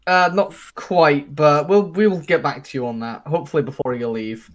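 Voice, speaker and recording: A man's voice: on the high side, normal speed, natural voice. A man voicing a brash, joking male adventurer who leads the party. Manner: crude, swearing, laughing often.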